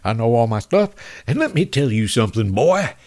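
A man's voice: mid-range voice, big pitch swings, brisk, darkish tone. A man voicing a boastful, folksy male doctor with a Southern US accent and a cocksure drawl.

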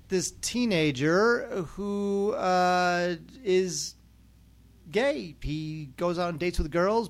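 A man hosting a podcast, chatting casually and quickly about new movie releases. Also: fairly high pitch. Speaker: podcast host. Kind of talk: casual chat reviewing movies.

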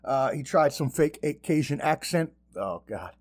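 Animated, profane male podcast host. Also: on the high side, slow. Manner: animated, profane, mocking asides. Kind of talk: casual sports chat.

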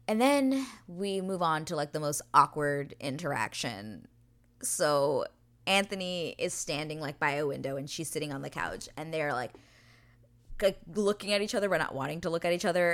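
A woman with a notably low-pitched voice breaks down a TV episode scene by scene in a casual, talkative way. She swears freely and retells the characters' lines in modern everyday slang. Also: animated, moderate pace, a bit bright. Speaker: TV episode recap host.

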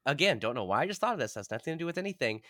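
A man in casual podcast chat, excitable and jokey, jumping between loud bursts and hushed asides. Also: mid-range voice, racing, dry recording, clean studio sound. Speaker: podcast panelist.

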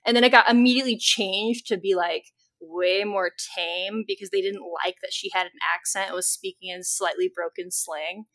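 A woman's voice: mid-range voice, fairly even intonation, moderate pace, few pauses, a bit bright. A young woman co-hosting a podcast, rambling enthusiastically and swearing casually. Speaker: podcast co-host.

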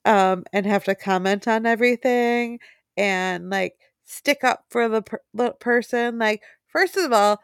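A woman's voice: on the high side, clean tone, dry recording, studio quality. A woman co-hosting a casual chat podcast, laughing often as she talks. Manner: laughs often, unhurried and giggly. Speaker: podcast co-host.

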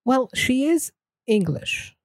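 A woman co-hosting a podcast, chatting about a movie in a calm, agreeable, measured way. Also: sits high. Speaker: podcast co-host. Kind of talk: casual movie chat.

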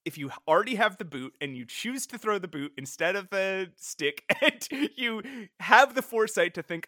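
A man co-hosting a podcast in casual chat, animated and laughing often as he acts out his reactions. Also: on the high side, moderate pace, hardly any pauses, no room sound, clean studio sound. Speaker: podcast co-host.

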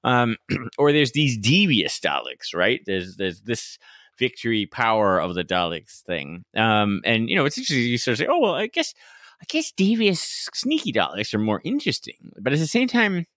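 A man co-hosts a podcast in loose, casual chat. His pitch swings widely and his tone is bright. He laughs often and slips into a high voice for quotes, heard close and dry. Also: dry recording. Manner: animated, quick to laugh, acts out quotes in a high voice. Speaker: podcast co-host.

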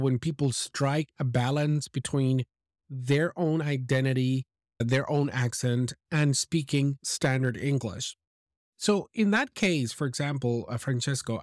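An English teacher and podcast host leads a lesson, offering encouraging feedback on a listener's message and explaining pronunciation through examples. His mid-range voice is slightly mellow, recorded with studio quality and no echo.

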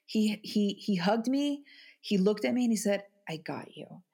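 Halting, emotional woman guest. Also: mid-range voice, warm tone. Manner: halting, repeats words, restarts often. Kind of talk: emotional podcast conversation.

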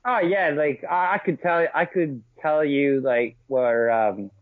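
Swearing constantly, a brash podcast guest keeps the casual conversation fast and animated in his fairly high-pitched voice. The recording is a dry, tinny call line.

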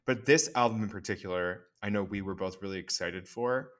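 A man's voice: lowish voice, brisk. A man co-hosting a casual pop culture podcast, emphatic and opinionated, using colorful sayings. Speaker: podcast co-host.

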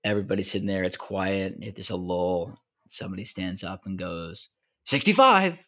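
A man with a fairly low voice co-hosts a casual podcast. He tells jokes in an animated, rambling way, full of fillers and restarts. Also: normal speed. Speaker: podcast co-host. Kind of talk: casual chat, storytelling.

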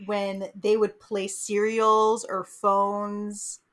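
A woman co-hosting a podcast, casually chatting about a movie with slang and quick agreements. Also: medium pitch, completely flat delivery, a bit bright. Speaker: podcast co-host. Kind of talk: casual movie recap chat.

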